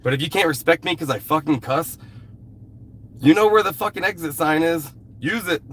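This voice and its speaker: A man's voice: on the high side, normal speed, a bit bright, a little hiss or hum. A man chatting casually on a live stream, blunt and swearing freely, fighting a cold. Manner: blunt, heavy swearing, irritated with a commenter. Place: outdoors at a rural camp.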